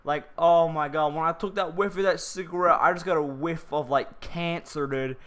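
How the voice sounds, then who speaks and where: A man's voice: a little high, steady tone, moderate pace, fairly bright tone. A man telling a personal story for his vlog in a rambling, slangy way, restarting his sentences often.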